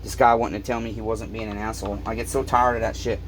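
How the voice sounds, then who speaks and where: A man's voice: on the low side, flat delivery, quick pace, a little hiss or hum. A tired, fed-up man who runs a small repair shop, ranting to the camera in his workshop and swearing constantly. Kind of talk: angry workshop rant to camera.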